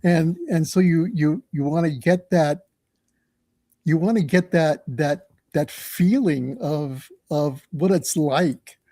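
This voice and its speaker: A man, an author guest, talking in a casual interview, halting and restarting often. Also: a little high, mellow, dry recording.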